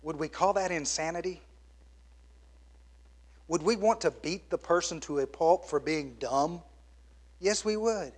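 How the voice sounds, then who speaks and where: In his sermon, a middle-aged pastor moves between loud exclamations and quiet lines that are nearly whispered. He speaks on the high side, unhurried, leaving long pauses.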